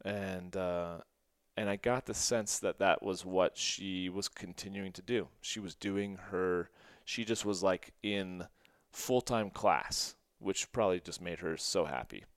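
Smooth low-voiced man telling a story. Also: measured pace, no room sound. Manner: rambling, many "like" fillers and restarts; earnest and emotional. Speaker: podcast host. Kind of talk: personal storytelling.

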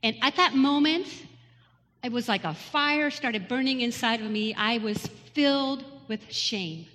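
Bright high-voiced woman sharing a testimony. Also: lively intonation, measured pace, in a large hall. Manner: earnest storytelling with rhetorical questions to the congregation. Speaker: lay speaker giving a testimony. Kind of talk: personal testimony sermon. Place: church sanctuary.

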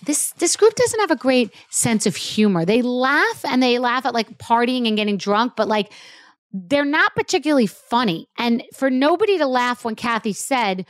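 Blunt animated woman podcast host. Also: a little high, moderate pace, no echo, clean studio sound. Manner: blunt, animated, swears freely. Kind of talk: casual chat.

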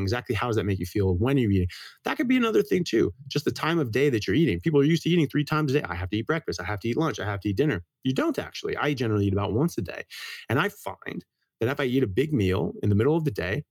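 Middle-aged man, doctor guest, quick and lowish, stumbles and restarts, dry close sound. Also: no echo. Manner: rapid, repeats words and restarts phrases; lively storyteller. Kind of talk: casual interview talk.

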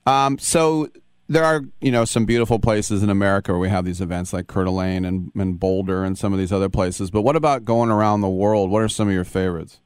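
A man's voice: lowish voice, a little fast, a little mellow, smooth, dry recording, clean studio sound. A male radio host asking playful, joking questions in an interview.

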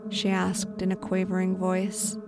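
A woman host reading a short story aloud in clear, scripted narration. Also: lowish voice, monotone, measured pace, over music.

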